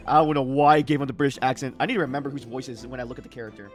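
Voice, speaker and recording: A man's voice: medium pitch, fairly even intonation, rapid-fire, few pauses, faint music behind. A man streaming a video game, reacting with amused, laughing commentary. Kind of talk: playthrough commentary.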